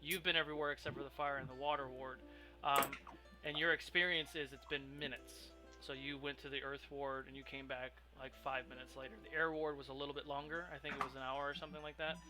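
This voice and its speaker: A man's voice: mid-range voice, flat delivery, fast, music in the background. A man narrating as game master of a tabletop role-play, rambling with lots of ums and restarts. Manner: rambling, filler-heavy, self-interrupting.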